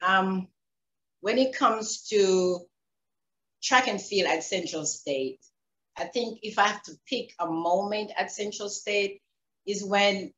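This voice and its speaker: A woman with a Jamaican accent, a former track athlete telling stories in an interview, animated and laughing, acting out quotes. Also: mid-range voice, takes it slowly, reverberant, rough recording. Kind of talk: reflective interview storytelling.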